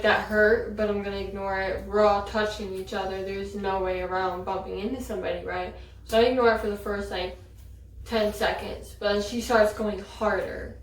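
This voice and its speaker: Young woman chiming in on a story. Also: mid-range voice. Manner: chatty, chiming in and finishing a friend's sentences. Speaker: vlogger. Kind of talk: casual storytelling chat. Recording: roomy echo, distant mic, faint noise.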